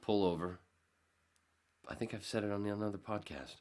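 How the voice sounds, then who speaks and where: A man's voice: fairly low pitch, a little fast, a little mellow. A man hosting his own podcast, rambling casually and sarcastically, swearing freely. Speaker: podcast host. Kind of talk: casual solo podcast talk.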